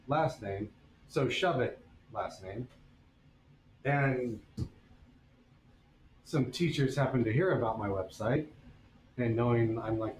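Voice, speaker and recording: A man's voice: medium pitch, darkish tone. Laid-back man telling stories in a forge. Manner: laid-back, wry anecdotal delivery. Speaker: blacksmith streamer. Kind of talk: casual storytelling while forging. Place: blacksmith workshop. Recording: echoey workshop with faint ambient noise.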